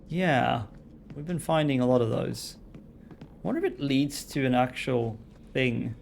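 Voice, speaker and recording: A man giving live gameplay commentary, excitable, swearing and talking to himself as he plays. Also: medium pitch, measured pace, creaky, slight background noise. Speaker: gamer streamer.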